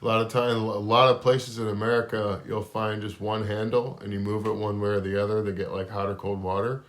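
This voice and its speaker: A low-pitched man talking easily in a garage podcast, unhurried and offhand. He drifts through his points with a drawl and the odd curse. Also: little pitch movement. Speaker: podcast co-host. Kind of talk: casual chat.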